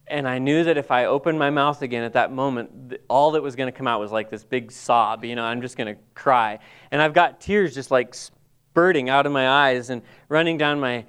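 A middle-aged man telling a halting, emotional personal testimony to a group, full of restarts and pauses. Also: mid-range voice, a bit bright, clean tone. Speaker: Bible college staff member.

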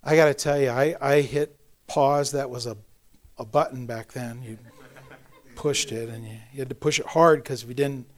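A man's voice: mid-range voice, moderate pace. Middle-aged guy preaching, chatty and jokey, laughs at himself, tells stories with real energy. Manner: conversational and joking, with self-deprecating asides; animated storyteller. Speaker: pastor. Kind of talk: sermon.

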